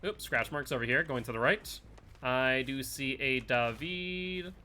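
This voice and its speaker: A man's voice: medium pitch, measured pace, bright, forceful tone, slight background noise. A man streaming a horror game live, chatting casually with viewers and commenting on his play in a playful, teasing way. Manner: chatty, reads chat aloud, playful teasing.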